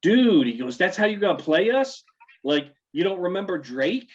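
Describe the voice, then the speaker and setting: A man's voice: high voice, sing-song, normal speed, pitched above the performer's own voice. A man voicing a laid-back, crude young frat-bro cultist who drawls surfer slang, recorded on dull lo-fi audio. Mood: excited.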